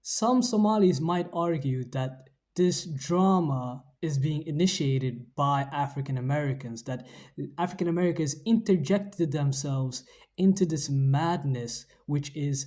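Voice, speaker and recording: A speaker giving measured commentary, weighing both sides of an argument. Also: medium pitch, darkish tone. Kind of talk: explanatory commentary.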